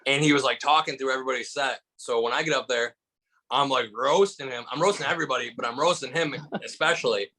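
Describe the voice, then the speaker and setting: Bright-voiced comedian from Michigan. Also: male voice, medium pitch, fast, poor audio. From Michigan, USA. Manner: animated storyteller, heavy use of "like" fillers. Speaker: stand-up comedian, guest. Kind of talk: casual podcast chat.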